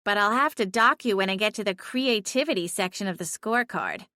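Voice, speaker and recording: A woman's voice: mid-range voice, fairly quick, bright, forceful tone, no room sound, natural voice. A woman voicing a small, sassy female talking cat who is bossy and bloodthirsty, in a dry audiobook reading. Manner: snarky, bossy, dramatic.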